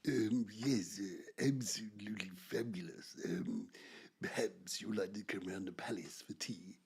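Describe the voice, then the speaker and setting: A man putting on the breathy, whispered voice of a gracious royal from the palace, hushed and genteel. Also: fairly low pitch, a little slow, pitched below the performer's own voice, heavily acted.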